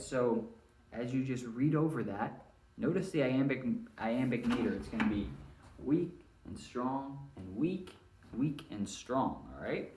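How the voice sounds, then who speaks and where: A man teaching a lesson to his students, friendly and patient, checking in again and again with "all right?". His voice sits at a middle pitch. The recording sounds roomy, with the mic some distance away. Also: a little mellow, a little hiss or hum.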